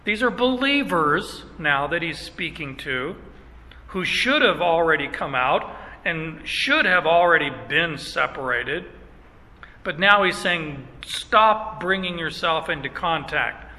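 A middle-aged man preaching a sermon as pastor, emphatic, stressing words in slow phrases. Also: a little high, lively intonation, sharp tone, in a large hall, low-quality recording.

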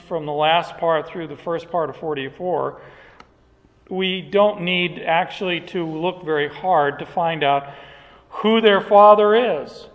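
A man preaching an expository sermon, working verse by verse with deliberate emphasis. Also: high-pitched, long reverb tail, low-quality recording.

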